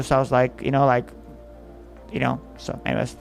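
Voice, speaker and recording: A man's voice: medium pitch, little pitch movement, a little fast, gravelly, pauses often, soft background music. A man telling a comic story about an ex, rambling with lots of fillers and acting out what was said. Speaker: comedian telling a dating story. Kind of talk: casual storytelling monologue.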